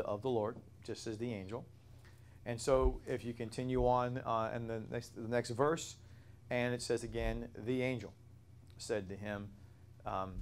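A man's voice: mid-range voice, darkish tone. A man teaching a Bible study class, explaining points at length and answering questions from the room.

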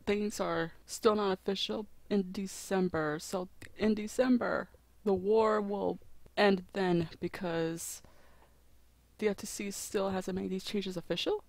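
An excitable woman vlogger talks straight to her viewers in a gushing, unscripted way, exclaiming between thoughts. Her voice sits at a middling pitch and is recorded close up, with almost no room sound. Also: a little slow, no echo. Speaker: animation YouTuber.

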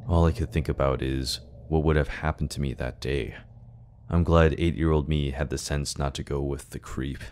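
A man narrating a scary first-person story in a steady, scripted delivery. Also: extremely low pitch, normal speed. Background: background music.

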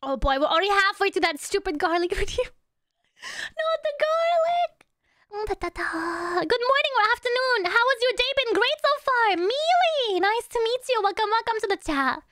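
A woman's voice: very high-pitched, expressive, brisk, few pauses, bright, forceful tone. A woman live-streaming in casual chat, greeting and thanking viewers one by one and humming little nonsense syllables between sentences.

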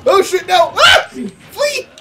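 A high, lively male voice yelping through a fighting game with his friends. He laughs easily and talks over the action, with faint music playing behind him. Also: takes it slowly, vocal fry, raised voice. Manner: excitable, yelps and laughs often. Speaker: let's play commentator. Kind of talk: casual gaming banter.

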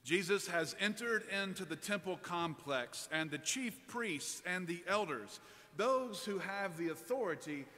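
A man preaching a sermon in a church, telling a personal story in a relaxed, conversational way. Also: sits high, unhurried. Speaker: priest preaching. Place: large church. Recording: long church reverb.

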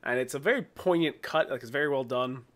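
A man co-hosting a podcast, chatting casually about a TV episode, laughing often and acting out lines from scenes. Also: mid-range voice. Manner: relaxed, laughs often, acts out scenes in quick voices. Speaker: podcast co-host. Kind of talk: casual TV recap chat.

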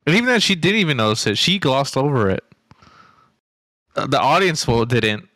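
A man co-hosting a casual film review podcast, halting and restarting, with crude jokes. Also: medium pitch, sing-song, fairly bright tone, dry recording. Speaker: podcast co-host.

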